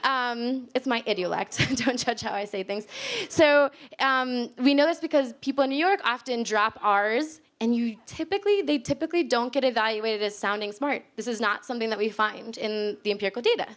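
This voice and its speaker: A woman's voice: on the high side, moderate pace. Bubbly young American woman lecturing. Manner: bubbly, laughing often, chatty with many "like"s. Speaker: linguistics speaker. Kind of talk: casual public talk. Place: library event space with live audience.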